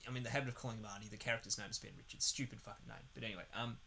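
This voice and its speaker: A man's voice: on the low side, fairly even intonation, very fast, gravelly, sharp tone. A man co-hosting a podcast, chatting casually and sarcastically about a film, swearing often and rambling. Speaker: podcast co-host. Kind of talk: casual film review chat.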